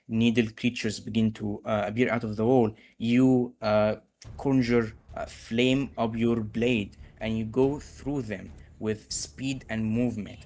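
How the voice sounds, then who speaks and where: A man narrating as game master of a tabletop game, relaxed and full of fillers. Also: fairly low pitch.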